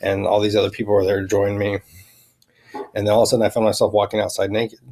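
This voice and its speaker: A man vlogging a rambling personal account, halting and full of fillers and restarts. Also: lowish voice, completely flat delivery, a little mellow.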